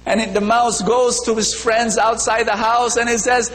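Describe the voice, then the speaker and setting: A man's voice: very high voice, little pitch movement, normal speed, hardly any pauses, a bit bright, soft background music. A man preaching a sermon in a large church, repeating phrases, questioning his listeners and telling a fable. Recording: long church reverb, faint hum.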